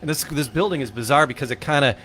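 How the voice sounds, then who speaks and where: Animated man telling a story. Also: medium pitch, fast talker, a little hiss or hum. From Michigan, USA. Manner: animated storyteller, acts out quoted people. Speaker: podcast co-host. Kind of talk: casual chat.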